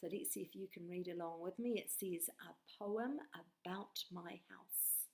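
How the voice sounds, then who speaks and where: A woman teacher, leading a patient, clearly spoken lesson for young children with sing-song bursts. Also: lowish voice, fairly even intonation, unhurried. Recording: echoey room.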